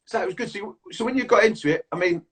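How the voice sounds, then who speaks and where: A man hosting a relaxed chat, asking easy questions with a husky voice. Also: sits high, fast talker, recorded from a distance. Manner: laid-back, laughing, friendly questions. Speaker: host. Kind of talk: casual chat.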